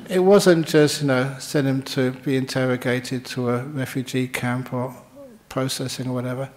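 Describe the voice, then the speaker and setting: A man giving a Buddhist dharma talk in a slow, reflective storytelling manner. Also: mid-range voice, steady tone, a little mellow.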